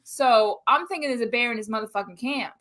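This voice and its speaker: A woman co-hosting a casual live-stream chat, telling a story in an animated, profane way. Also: a little high, a little fast. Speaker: co-host. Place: Central Florida.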